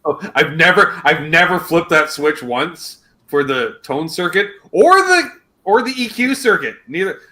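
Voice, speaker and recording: A man's voice: a little high, sing-song, a little slow, sharp tone. A man from Canada hosting a casual chat about guitar gear, talking with enthusiasm and laughing often. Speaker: channel host.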